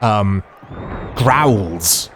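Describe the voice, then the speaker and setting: A middle-aged man chatting casually and excitably as he comments on a retro video game he is playing, rambling and laughing often. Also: lowish voice, very slow, background noise. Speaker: retro gaming YouTuber.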